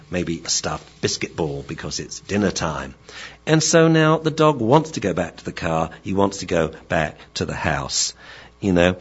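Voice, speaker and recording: A man with a low, husky voice gives an informal lecture as a dog trainer, heard on a muffled recording. He is animated, chatty and playful, using many fillers, laughing and mimicking voices.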